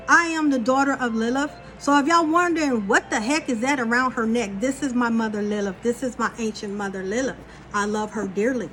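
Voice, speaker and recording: A woman talking casually and bluntly to her viewers as a spiritual vlogger, animated and often profane. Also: high voice.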